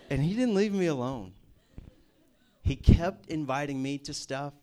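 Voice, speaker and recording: A man's voice: a little high, expressive, measured pace, long pauses, dark tone. Man preaching a testimony story. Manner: conversational storyteller, jokey asides. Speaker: campus ministry speaker. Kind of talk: personal testimony sermon.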